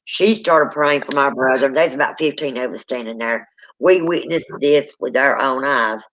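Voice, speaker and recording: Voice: medium pitch, normal speed, a bit bright. A speaker, telling a true ghost story in casual spoken style and acting out the people in it. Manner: dramatic, acts out quoted people. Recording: dull lo-fi sound.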